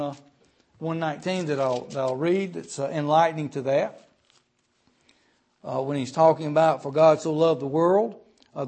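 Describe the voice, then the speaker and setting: A pastor preaching a sermon. He speaks earnestly, often says "uh" and repeats words, and reads scripture slowly and with emphasis. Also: a little high, a little mellow.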